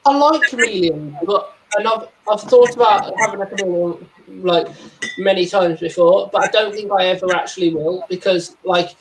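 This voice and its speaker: A man, chatting casually with restarts and stories. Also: high-pitched. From West Midlands, England. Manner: chatty, storytelling, stammering restarts. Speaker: tarantula keeper and channel host. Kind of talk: casual chat on a video call. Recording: noisy background hiss.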